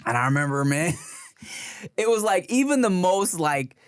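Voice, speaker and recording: A man in his thirties hosts a casual podcast, playfully teasing and asking questions. His voice sits a bit high and jumps around expressively. The recording is dry and close. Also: very animated, a little slow, smooth, no room sound. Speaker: podcast host.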